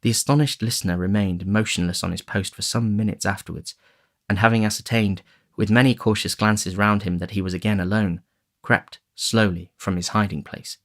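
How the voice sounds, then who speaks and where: A man reading a classic novel aloud as audiobook narrator, even and unhurried. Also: fairly low pitch. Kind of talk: scripted narration.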